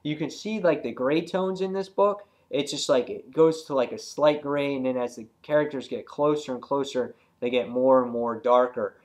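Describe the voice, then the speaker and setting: Rambling man excitedly retelling a comic. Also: medium pitch, normal speed, few pauses. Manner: retells scenes excitedly, acting out quoted lines; loose and rambling, many fillers. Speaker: comic book reviewer. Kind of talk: casual spoken review.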